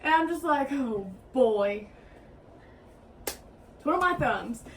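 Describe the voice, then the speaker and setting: A young woman, telling a story in a lively, casual way and acting out what others said. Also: high-pitched, slow. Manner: animated, acts out quotes in raised voices. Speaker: co-host. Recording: mic at a distance, faint background hiss.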